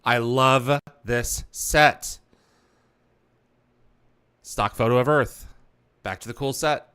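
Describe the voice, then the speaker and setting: Bright-voiced man with wry asides. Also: mid-range voice, takes it slowly, clear, resonant tone. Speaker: host. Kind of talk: casual watch-along chat.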